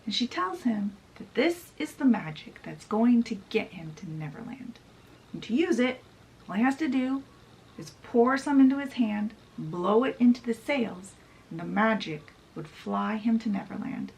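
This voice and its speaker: A woman's voice: a little high, lively intonation, normal speed, creaky, darkish tone, low-quality recording. A woman casually summarizing a fantasy novel in a chatty way, often saying "he's like". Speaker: book reviewer.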